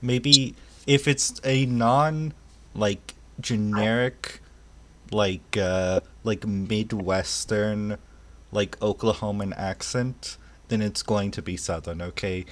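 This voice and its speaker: A man playing a tabletop game online, chatting casually and rambling with quick jokes. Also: lowish voice, steady tone, a little hiss or hum. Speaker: tabletop player. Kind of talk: casual in-character game chat.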